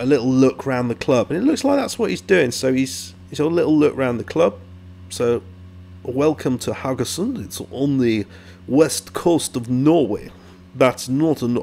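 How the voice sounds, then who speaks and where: A man talks in a loose, rambling way, stopping and restarting his sentences as he thinks aloud. His pitch sits in a middling range. A faint hum runs under the recording. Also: vocal fry. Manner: rambling, self-interrupting, chatty. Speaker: YouTube host reviewing game blogs. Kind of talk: casual commentary while browsing.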